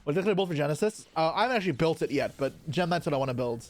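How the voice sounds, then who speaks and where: A man's voice: fairly high pitch, animated, very fast. A young man chatting casually on a live stream, answering his chat aloud while opening card packs, with offhand swearing. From Canada.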